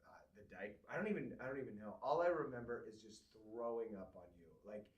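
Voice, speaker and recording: A man co-hosting a podcast, telling a personal story in a candid, halting way with many restarts. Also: lowish voice, highs cut off. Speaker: podcast co-host. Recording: echoey room, far from mic.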